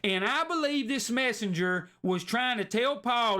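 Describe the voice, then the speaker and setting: A man preaching a sermon in an earnest, folksy way, slowing down to stress his points. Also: extremely high pitch, lively intonation, bright, forceful tone. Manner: folksy, earnest, slows down for emphasis.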